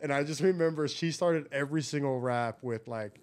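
A man's voice: on the high side, a little fast, noisy background. A man co-hosting a podcast in casual chat, easygoing, throwing questions to the group. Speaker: podcast co-host.

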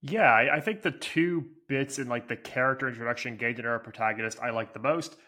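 A man co-hosting a podcast chats with plenty of enthusiasm, dropping a frequent "like" into his sentences. His mid-pitched voice has a bright, forceful edge. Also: a little fast. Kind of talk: casual podcast discussion.

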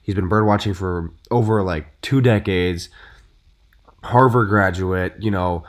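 Man, laid-back podcast storyteller, lowish voice, animated, filler-heavy. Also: a little slow. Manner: animated storyteller, many fillers like "you know" and "dude". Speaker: podcast co-host. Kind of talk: casual podcast discussion.

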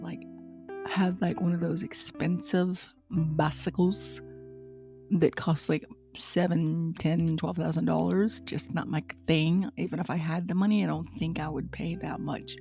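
Middle-aged American woman host, low, gravelly, rambling solo podcast chat with faint music behind. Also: mellow. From United States. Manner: chatty, rambling, self-deprecating and jokey.

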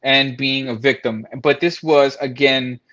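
A man's voice: medium pitch, steady tone, measured pace, sharp tone, dull audio. A man frankly telling a personal story, blunt and profane, acting out what others said. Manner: frank, profane, acts out quoted voices.

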